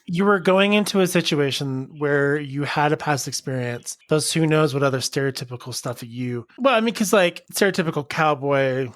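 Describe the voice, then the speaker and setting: A man's voice: on the high side, moderate pace, hardly any pauses, fairly bright tone, dry recording. Supportive male podcast co-host. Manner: reflective and supportive, talks things through. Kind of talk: casual chat.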